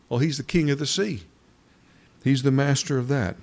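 A man's voice: medium pitch, a little mellow. A man delivers a sermon in a mid-range voice, earnest and fervent. He repeats phrases for weight and often restarts his words. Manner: restarts and halting repetitions. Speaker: preacher.

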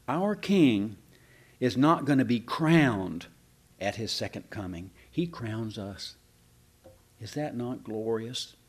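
A man preaching a sermon in a folksy, animated way, with sarcastic asides to the congregation. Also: mid-range voice. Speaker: pastor.

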